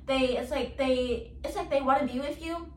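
Recorded far from the mic in an echoey room, a young podcast host with a high-sitting voice vents at a moderate pace. Her rambling, casual talk is full of "like," "okay," and swearing, and she repeats herself in exasperation for emphasis.

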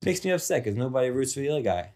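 Joking male co-host, casual chat, animated and rambling. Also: medium pitch, rapid-fire. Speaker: podcast co-host.

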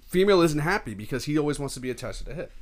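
A young man co-hosting a casual podcast chat, laid-back and agreeable, often answering with a quick yeah and some swearing. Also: on the high side, expressive. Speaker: podcast co-host.

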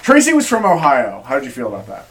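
A man steering a casual podcast conversation with dry, teasing remarks. His pitch swings widely from line to line. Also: huge pitch swings, fast talker, fairly bright tone, a little hiss or hum.

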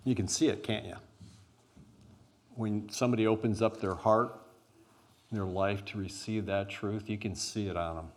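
A man with a very low voice guides a group through a spoken exercise. He talks deliberately, stressing key words and letting pauses sit. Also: steady tone. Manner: deliberate, emphatic, with weighted pauses; says he is an introvert. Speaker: group workshop leader.

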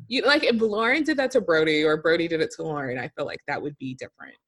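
A woman chatting casually, recapping a reality show as co-host, animated and laughing often. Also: sits low, fast talker, a crowd in the background.

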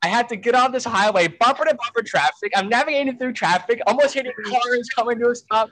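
A man's voice: very high-pitched, fast talker, a bit bright, low-quality recording. A man telling a frantic story in a casual way, full of fillers and swearing. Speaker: guest storyteller.

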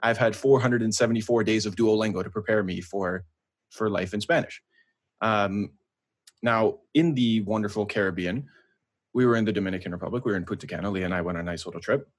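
A man's voice: fairly low pitch, a little fast. A young Canadian man co-hosting a podcast, telling jokey, rambling stories in casual chat. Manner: chatty, jokey, rambling storyteller. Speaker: podcast co-host.

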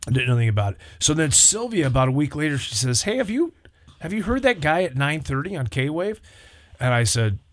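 A Southern Californian pastor co-hosting a radio talk show tells stories in casual chat, animatedly acting out the voices of the people in them. His voice sits on the high side and moves briskly, captured in a dry recording.

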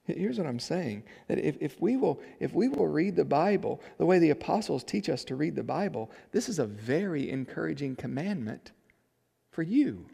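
A man preaching a sermon, moving between soft passages and loud emphatic build-ups. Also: a little high, big pitch swings, moderate pace, creaky, breathy edge, in a large hall. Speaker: pastor.

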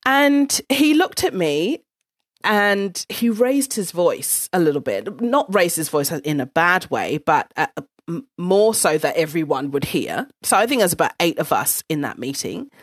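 Animated blunt woman telling a story. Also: fairly low pitch, measured pace, slightly rough, dry recording, studio quality. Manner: animated, blunt, swears freely. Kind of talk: casual storytelling monologue.

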